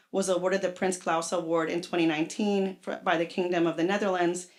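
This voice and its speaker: A woman, a native Spanish speaker, gives a formal introduction at an academic event, reading speaker bios with small self-corrections. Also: lowish voice. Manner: self-deprecating, reads bios with small slips. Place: lecture hall.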